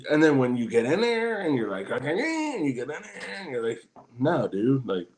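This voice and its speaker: A man's voice: mid-range voice, fairly quick, crowd noise. A man in casual podcast chat, telling a story with swearing and laughter. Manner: animated, profane, laughing. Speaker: podcast co-host.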